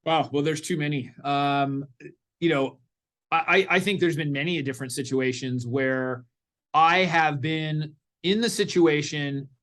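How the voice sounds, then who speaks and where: A middle-aged man, a parenting coach guest in a podcast interview, telling stories in an animated way and acting out what people said. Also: fairly high pitch, a little slow. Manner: animated storyteller, acts out quotes.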